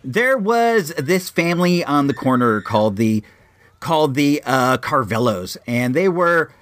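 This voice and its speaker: A man in his forties, from Illinois, telling a casual personal anecdote with frequent restarts and lively asides. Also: fairly high pitch, measured pace, dry recording. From Illinois, USA. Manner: rambling, frequent restarts, animated. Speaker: storyteller.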